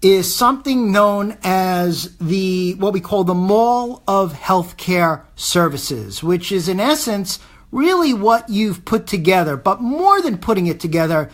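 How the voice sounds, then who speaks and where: A woman hosting an interview, talking slowly and deliberately. She piles on praise and repeats key phrases for emphasis. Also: mid-range voice, lively intonation. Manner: effusive, praising, emphatic repetition. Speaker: show host. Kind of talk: interview questions.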